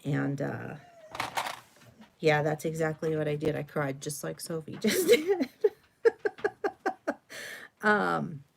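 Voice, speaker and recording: A woman's voice: sits low, lively intonation, slow pace, creaky, pauses often, background noise. A middle-aged woman, host of a craft stream, telling a long story in a rambling, chatty way with fillers and self-corrections. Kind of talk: casual storytelling during a live stream.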